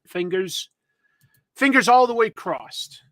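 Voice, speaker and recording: Give me a male comics show host who rambles casually and pokes fun at himself. His voice is high and bright, and it is recorded close and dry. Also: lively intonation, slow, no room sound. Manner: rambling, chatty, self-deprecating. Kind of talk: casual live-stream chat.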